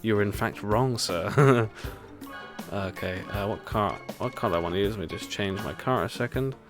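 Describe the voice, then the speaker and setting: A man streams a racing game live and talks through it in a loose, rambling way, breaking into laughter now and then. His voice sits a bit low. Loud game music plays under his commentary. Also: normal speed. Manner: chatty, rambling, laughs often.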